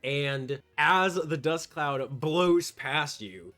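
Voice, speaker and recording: Guy running a tabletop game, slow and lively, soft music behind. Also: on the high side. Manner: descriptive, playful. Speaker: game master.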